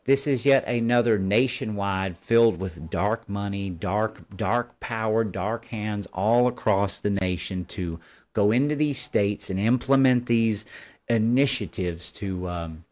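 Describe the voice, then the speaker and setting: A man's voice: fairly low pitch, a little slow, darkish tone. A man hosting a live commentary show, reading news articles aloud and breaking off to scoff at them with combative asides. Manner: combative, dismissive, stops to editorialize. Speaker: host.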